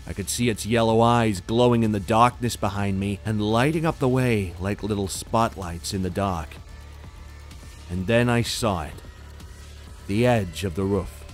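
A man reading a scripted first-person horror story in a tense, dramatic way. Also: lowish voice. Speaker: narrator.

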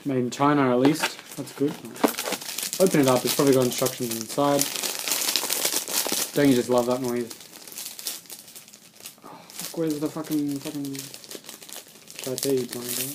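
A man's voice: medium pitch, steady tone, normal speed, long pauses, noisy background. A young man, unboxing a subscription box, rambling and swearing casually as he mutters to himself.

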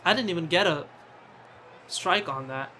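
A man's voice: fairly high pitch, lively intonation, moderate pace, a crowd in the background. A man giving casual commentary as he plays a cricket video game, bantering, swearing and talking to his player on screen.

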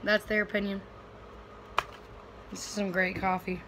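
A woman's voice: mid-range voice, flat delivery, measured pace, background noise. Chatty young woman. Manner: rambling, chatty, lots of fillers and restarts. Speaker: vlogger. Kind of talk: casual vlog chat. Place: at home, indoors.

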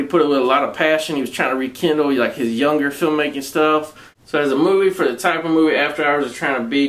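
Profane rambling Southern man. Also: on the high side. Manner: rambling, heavy swearing, slangy. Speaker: movie reviewer. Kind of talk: casual profane movie review.

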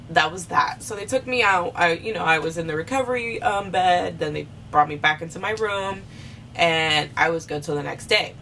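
A young woman vlogger casually telling a story, chatty with many fillers, jumping high when she acts out what she said. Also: recorded from a distance, slight background noise. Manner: animated, acts out quotes with sharp high pitch jumps.

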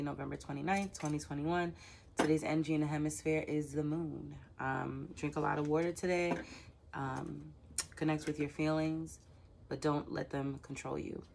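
A woman's voice: deep voice, vocal fry, a little mellow, a little hiss or hum. A woman hosting her own tarot channel, speaking frankly and personally in a direct-to-camera vlog, with frequent filler sounds. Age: adult with children. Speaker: tarot reader and channel host.

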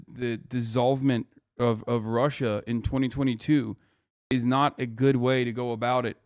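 A man's voice: mid-range voice, no echo, studio quality. A man streaming live, reacting in a heated, profane rant. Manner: angry, profane ranting.

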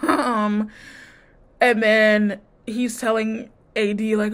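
A woman's voice: medium pitch, unhurried, long pauses. Sassy woman recapping a reality show. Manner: sassy, blunt, mimics cast members' lines. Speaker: TV review vlogger.

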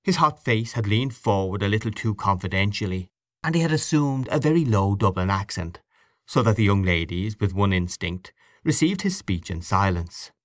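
A man's voice: fairly low pitch, expressive, moderate pace, no echo, studio quality. A man narrating an audiobook, reading expressively and switching into character voices. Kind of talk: scripted narration.

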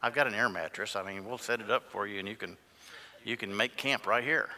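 A man preaching from the pulpit with a bright, forceful voice, swinging between hushed asides and ringing, shouted peaks. His voice rolls out into a church hall with a long reverb tail. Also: fairly low pitch, brisk, a little hiss or hum. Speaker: pastor. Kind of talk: sermon. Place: church sanctuary.

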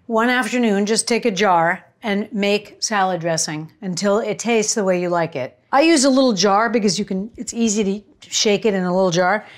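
A woman hosting a cooking show, chatting to viewers in a gushing, casual way as she demonstrates a recipe. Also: medium pitch.

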